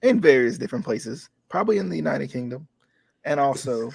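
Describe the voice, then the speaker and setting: A man hosting a casual wrestling podcast, laid-back and hesitant, filling pauses with "uh". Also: mid-range voice, lively intonation, creaky, a crowd in the background. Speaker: podcast host.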